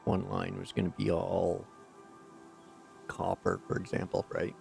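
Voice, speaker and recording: A Canadian man in his forties gives easygoing live game commentary in a very low, gravelly voice. He mutters at the game and chats with viewers. Faint music plays behind him. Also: monotone, a little slow, a little mellow. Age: 40s. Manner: laid-back, mutters at the game, thanks viewers. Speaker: game streamer. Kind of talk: live gameplay commentary with chat.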